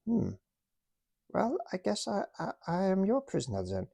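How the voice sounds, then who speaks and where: A man's voice: high-pitched, wildly swooping pitch, unhurried, creaky, dark tone, pitched above the performer's own voice, full character voice. A man putting on a stubborn German officer. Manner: stiff, broken-English phrasing.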